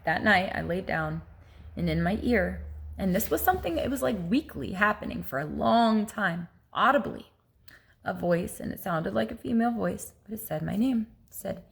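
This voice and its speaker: A middle-aged woman giving a personal testimony in casual storytelling, earnest and halting with restarts and asides. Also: medium pitch, lively intonation, gravelly, slightly rough. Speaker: testimony vlogger.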